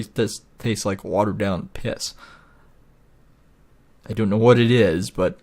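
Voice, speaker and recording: A man hosting a gaming video, rambling and ranting with plenty of swearing in casual gameplay commentary. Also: fairly low pitch.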